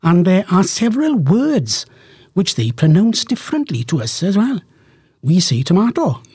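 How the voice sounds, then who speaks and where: Warm husky radio host. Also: male voice, high-pitched, sing-song, moderate pace, dry recording. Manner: jovial, rambling, self-mocking asides. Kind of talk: chatty live radio presenting. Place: radio studio. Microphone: studio microphone.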